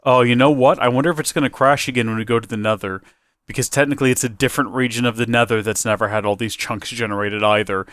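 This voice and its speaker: A man's voice: medium pitch, steady tone, fast talker, a bit bright, dry recording, studio quality. A man hosting a casual gameplay video, talking in a rambling, self-deprecating and flustered way. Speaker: let's play host.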